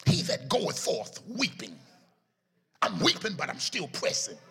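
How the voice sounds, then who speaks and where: A man preaching a sermon in a chanting, sing-song style, his voice rising into shouts at its peaks. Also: a little high, wildly swooping pitch, unhurried, vocal fry, breathy edge. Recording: echoey hall with music behind.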